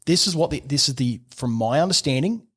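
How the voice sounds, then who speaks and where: Australian gunsmith guest, middle-aged man, rambling casual explainer who acts out dialogue, mid-pitched voice. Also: animated, a little fast, fairly bright tone, breathy edge. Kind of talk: casual podcast chat.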